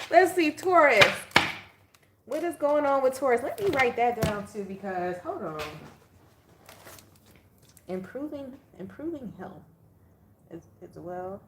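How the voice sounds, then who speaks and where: A young woman giving a casual tarot reading, chatty and animated, laughing and talking straight to her viewers. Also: a little high, unhurried, long pauses, noisy background. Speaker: tarot reader.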